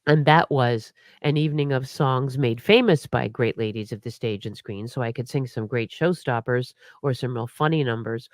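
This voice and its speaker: In a very deep voice at normal speed with few pauses, a middle-aged woman guest performer chats through a casual interview. She's chatty and laughing, full of restarts and hiccups, recorded dry at studio quality.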